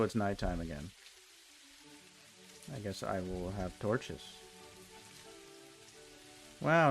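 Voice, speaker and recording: A man's voice: lowish voice, gravelly. A young man streaming a block game, ranting in exasperation and repeating himself as he plays. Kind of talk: casual game commentary.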